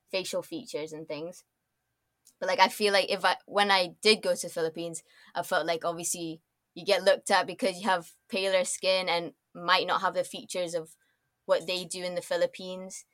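A woman's voice: on the low side, flat delivery, normal speed, a bit bright, no room sound. A young woman with a Scottish accent, a podcast guest chatting casually and rambling through many fillers and restarts. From Scotland. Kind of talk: casual chat.

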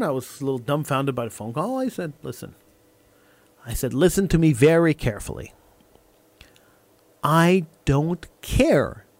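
A man's voice: fairly high pitch, no echo. A man hosting a radio talk show, telling a story in an impassioned monologue and repeating lines for emphasis into a studio microphone.

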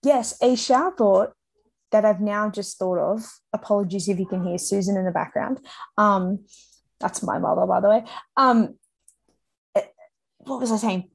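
A woman's voice: medium pitch, moderate pace, vocal fry, pauses often, breathy edge. A young woman co-hosting a podcast in casual, rambling, self-mocking chat. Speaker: podcast co-host.

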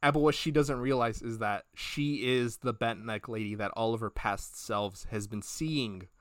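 A male podcast cohost talks through a story in a loose, rambling way, filling gaps with "like" and "uh" and acting out bits of dialogue. His voice sits at an ordinary middle pitch. The sound is close and dry, with no room around it. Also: moderate pace, dry recording. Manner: rambling, animated retelling with many fillers and acted quotes. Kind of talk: casual review chat.

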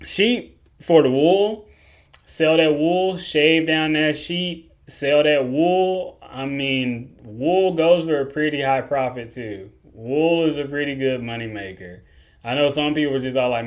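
A man's voice: a little high, unhurried. Laid-back joking podcast host, man. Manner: laid-back, joking, chuckles through lines. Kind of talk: casual solo podcast talk.

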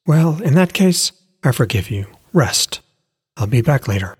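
A caring young innkeeper woman tends her hurt lover, gentle yet firm as she scolds him to rest, as a man puts her on. Her voice sits a little higher than the reader's own, husky and dry, close to the mic. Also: very animated, normal speed, no room sound. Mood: tender.

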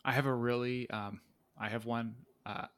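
A man's voice: mid-range voice, steady tone, moderate pace, fairly bright tone, clear, resonant tone. A man with a mid-range voice explains writing ideas in an easygoing chat. He often restarts his sentences as he thinks aloud. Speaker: podcast co-host. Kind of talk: casual chat about writing.

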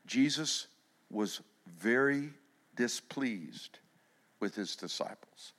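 A middle-aged man preaching a sermon, animated, swinging between loud emphasis and hushed passages. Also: medium pitch, a little slow. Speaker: pastor.

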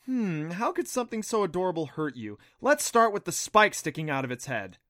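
A man's voice: fairly high pitch, animated, a little fast, fairly bright tone, no room sound, clean studio sound, voice pushed up. A man voicing a cautious, earnest boy in an audiobook, speaking in a lifted, tense voice. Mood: alarmed. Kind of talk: audiobook character voice.

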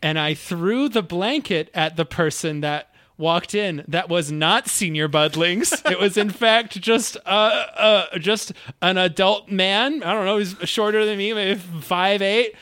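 His voice sits high as this podcast co-host tells an animated story in casual conversation, laughing a lot. He talks unhurriedly with few pauses, in studio-quality audio with no room sound.

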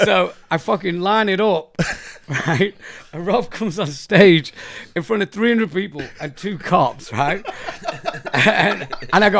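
An English man, a comedian, telling wild stories in casual podcast chat, profane and animated. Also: sits high, moderate pace, gravelly. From England. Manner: profane, animated storytelling with laughter. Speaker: comedian co-host.

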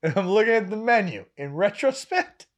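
With a high voice and a fairly quick delivery, a young man tells a story as a podcast co-host. The chat is casual and he's animated, imitating what others said, laughing and swearing freely.

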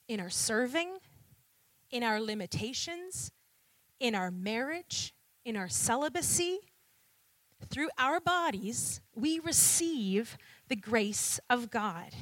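Lively, animated woman preaching. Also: sits high, no room sound. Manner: lively preaching, rhetorical questions and call-and-response. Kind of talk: sermon.

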